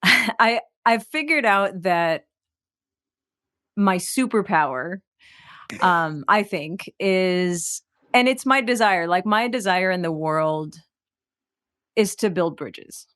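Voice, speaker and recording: A woman's voice: on the low side, expressive, slow, pauses often, fairly bright tone. A woman from Texas, a singer-songwriter, talking candidly and reflectively as an interview guest, often saying "like.". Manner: reflective and candid, uses "like" often, laughs easily.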